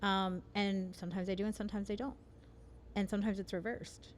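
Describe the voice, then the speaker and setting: A woman's voice: mid-range voice, level tone, fairly quick, slight background noise. A woman hosting a casual podcast conversation, telling personal stories in a frank, candid way. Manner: candid, frank storyteller with mild swearing. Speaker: podcast host.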